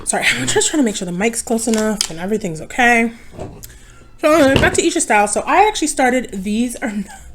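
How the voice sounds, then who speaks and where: A young woman chatting casually at home as she eats, her voice sitting a little high. She sounds worn out and talks in a rambling way, losing her thread and correcting herself. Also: lively intonation, brisk, noisy background. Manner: rambling, easily distracted, self-correcting. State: tired. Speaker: mukbang vlogger. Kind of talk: casual chat while eating.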